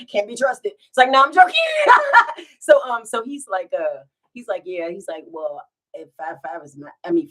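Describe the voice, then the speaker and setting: A woman telling funny stories to her live viewers in a casual storytime, giggling and breaking into laughter as she goes. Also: sits low. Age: adult with children. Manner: giggly, animated, bursts into laughter.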